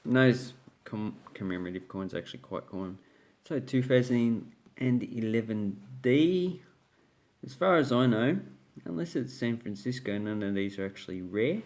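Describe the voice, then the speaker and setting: A man's voice: medium pitch, lively intonation, moderate pace, darkish tone. A man with an Australian accent hosting a casual coin collecting video, rambling and correcting himself with fillers. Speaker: coin collecting channel host.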